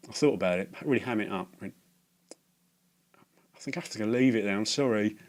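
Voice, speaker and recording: A man telling a rambling, halting anecdote for his video game vlog, often stumbling and repeating himself. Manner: rambling, halting, self-mocking, acts out voices in a high falsetto. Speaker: video game collector vlogger.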